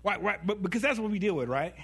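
A man preaching a sermon in a conversational, humorous way, asking rhetorical questions and slowing down for emphasis. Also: high voice, lively intonation, creaky, slightly rough. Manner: conversational and humorous, laughing at his own stories; rhetorical questions, dramatic slowdowns.

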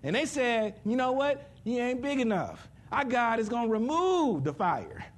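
A man preaching a sermon in an animated way, jumping from loud high bursts to hushed asides, with speech. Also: normal speed.

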